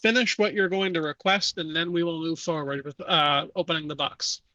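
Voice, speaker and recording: A man running a tabletop game as game master, narrating scenes in a measured, descriptive way. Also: on the high side, fairly even intonation, sharp tone, lo-fi sound.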